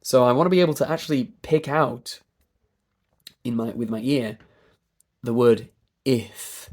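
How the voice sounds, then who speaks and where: A man with a British RP accent and a stuffy nose, coaching pronunciation by stretching vowel sounds very slowly. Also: mid-range voice. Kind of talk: slow demonstration of vowel sounds.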